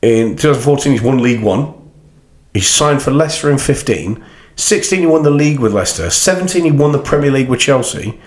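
A man's voice: medium pitch, animated, quick pace, echoey room. A man co-hosting a casual football podcast, blunt and argumentative, who swears often. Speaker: podcast co-host.

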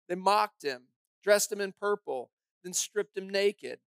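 A woman's voice: mid-range voice, lively intonation, measured pace, no echo. A woman pastor preaching a sermon, telling the story dramatically and emphatically with pointed rhetorical questions.

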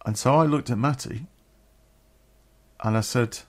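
A man's voice: mid-range voice, unhurried, pauses often. A middle-aged man telling a personal story on a podcast, candid and rambling, swearing freely.

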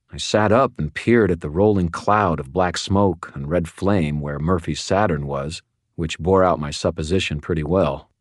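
A man with a very deep voice reads first-person narration for an audiobook, wry and measured. The recording is dry and close, with no room behind him. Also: dry recording.

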